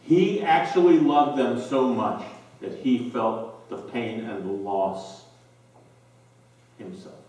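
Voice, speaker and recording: A male pastor preaching a sermon, slow and emphatic with dramatic pauses, recorded in a church sanctuary. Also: medium pitch, a little mellow. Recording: very echoey church from a distance.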